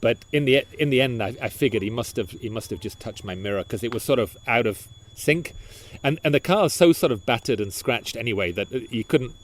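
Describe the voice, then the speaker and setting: A man co-hosting a podcast, telling a story in casual chat, animated and full of restarts and repeated words. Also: mid-range voice, brisk. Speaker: podcast co-host.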